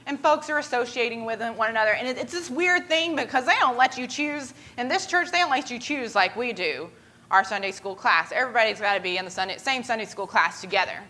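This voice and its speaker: A woman's voice: on the high side, animated, a little fast, sharp tone. A woman preacher leading a skit with volunteers, talking in a chatty, self-deprecating storytelling way. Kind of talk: casual storytelling sermon.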